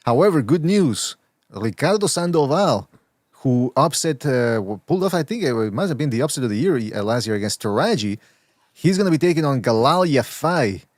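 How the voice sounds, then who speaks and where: A man's voice: medium pitch, big pitch swings, normal speed, darkish tone, dry recording, clean studio sound. A man hosting a podcast, bantering animatedly and laughing often as he talks. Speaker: podcast host. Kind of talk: casual boxing banter.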